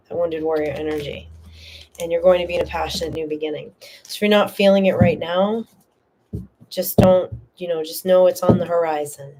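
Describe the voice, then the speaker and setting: Speaking low and warm over slight background noise, a woman leads a live tarot session. She talks to a viewer earnestly and emotionally, in a gentle, reassuring manner.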